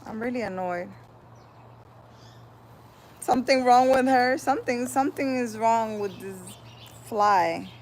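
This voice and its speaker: A woman who is a spiritual healer hosts a casual outdoor livestream, greeting viewers by name and chatting loosely as she reads their comments. Her voice is a little high and darkish in tone, measured in pace with long pauses. Slight background noise is audible.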